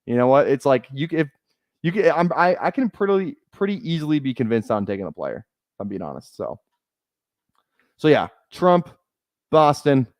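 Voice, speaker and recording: A young man from Minnesota riffing casually on a live stream. He rambles, restarts and jokes as he thinks aloud. The sound is dry and close to the microphone, at a middling pitch. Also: sing-song, moderate pace, pauses often, no echo. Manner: rambling, joking, many fillers and restarts. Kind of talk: casual live-stream chat while drafting.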